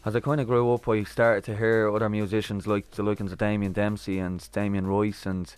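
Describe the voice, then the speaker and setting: A man's voice: fairly low pitch, level tone, fairly quick, a little mellow, clean tone. An Irish man, a singer-songwriter, chatting modestly and hesitantly as a guest in a radio studio, with many fillers. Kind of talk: casual radio interview.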